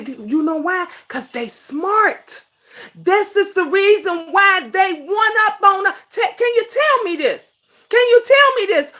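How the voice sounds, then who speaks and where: A woman, in the middle of a heated, profane talk show rant. Her voice sits high and bright and swings widely in pitch, and she fires off rhetorical questions with heavy emphasis. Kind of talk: heated ranting monologue.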